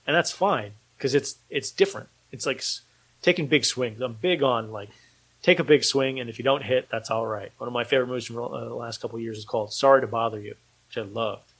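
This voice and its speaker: A man's voice: medium pitch, slightly rough, rough recording. A man hosting a casual talk show, rambling enthusiastically with many restarts. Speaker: podcast host and filmmaker. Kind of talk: casual chat.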